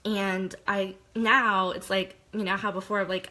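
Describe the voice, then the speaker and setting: A young woman tells her story straight to camera, her voice sitting at an ordinary middle pitch. She talks openly and heartfelt, wandering through her thoughts with plenty of fillers. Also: level tone, measured pace, bright, forceful tone, rough recording. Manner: candid, heartfelt, rambling with lots of "like". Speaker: direct-sales consultant. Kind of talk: personal testimonial monologue.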